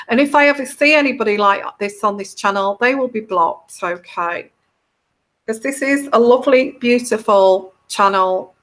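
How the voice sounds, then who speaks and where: A woman's voice: medium pitch, a bit bright. A woman hosting a live stream as a tarot reader, talking heartfelt and rambling to her viewers, often restarting her sentences. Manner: rambling, heartfelt, with frequent restarts and put-on quoted voices.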